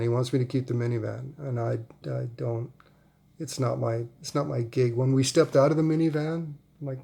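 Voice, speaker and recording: Gravelly amused man telling a story. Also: mid-range voice, warm tone. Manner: rambling, amused, laughs often. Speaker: vlogger. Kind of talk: casual storytelling.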